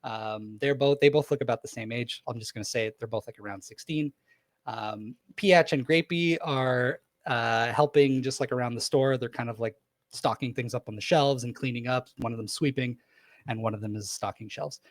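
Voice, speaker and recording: A man's voice: mid-range voice, normal speed, no echo. A man narrating a tabletop game as game master, rambling with lots of "like" and "um".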